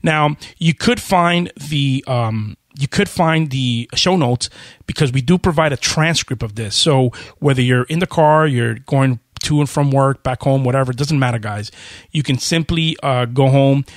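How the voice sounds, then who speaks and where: A male podcast host speaks in a mid-pitched voice, quick and conversational, with frequent "uh"s and "you know"s. The sound is dry and close, with no room echo. He keeps an easy, casual pace as he addresses his audience. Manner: talks fast, chatty, with many fillers.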